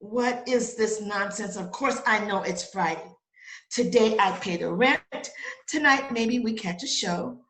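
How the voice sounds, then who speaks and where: A woman's voice: medium pitch, unhurried, a bit bright. A woman playing a man indignant at a snake in his garden, blustering in theatrical rhyming outbursts, in an audio theater play. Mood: irritated. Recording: roomy echo.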